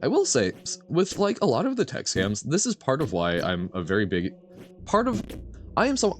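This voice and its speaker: A man streaming a game, chatting casually with his audience in an animated, rambling way that keeps correcting itself. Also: lowish voice, a little hiss or hum. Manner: animated, rambling, self-correcting, answers chat. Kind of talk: casual live-stream chat while gaming.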